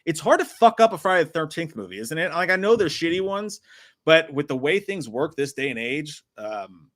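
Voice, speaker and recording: Male co-host, loose and swearing, slightly high voice, reads chat aloud. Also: sing-song, moderate pace, fairly bright tone. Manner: profane, laid-back, laughs often. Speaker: podcast co-host. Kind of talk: casual live-stream chat.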